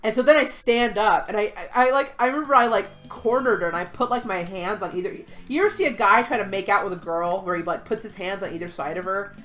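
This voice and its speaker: Animated woman telling a story. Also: medium pitch, fast talker, hardly any pauses. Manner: animated, swears freely, acts out quotes. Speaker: podcast host. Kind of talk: casual storytelling chat.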